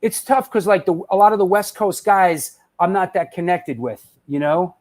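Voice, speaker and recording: Chatty high-voiced New man. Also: moderate pace. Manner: rambling, chatty, restarts sentences, excitable. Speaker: host of a live web show. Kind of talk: casual live-stream chat, reading viewer comments.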